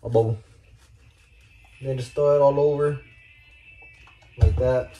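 A man's voice: mid-range voice, steady tone, slow pace, dark tone, soft background music, low-quality recording. A young man casually vlogging at home on a phone, hyped and playful, chatting to his dog. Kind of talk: casual vlog. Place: at home, indoors.

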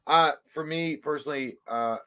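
A man's voice: a little high, moderate pace, bright, forceful tone. A man co-hosting a casual movie chat, joking and crude, rambling into long bits. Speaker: podcast co-host.

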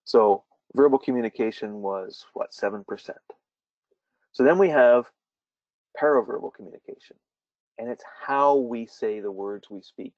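A male workshop trainer giving a webinar lecture, animated and quick to repeat his words, with fillers. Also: medium pitch, no room sound. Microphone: webinar mic. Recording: dull distant dry webinar audio.

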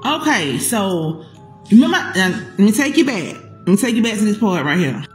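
A woman spinning a casual storytime, swearing freely and addressing her audience directly. Her pitch leaps around as she talks, and the voice bounces in an echoey room with soft music behind. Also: moderate pace. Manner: profane, animated, talks to viewers as "y'all".

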